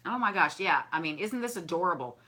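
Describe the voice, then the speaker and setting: A chatty woman with a bright, forceful voice shows off gifts from her viewers. She gushes over every little thing in a warm, effusive, casual way. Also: lowish voice, animated, quick pace. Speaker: craft and decor vlogger.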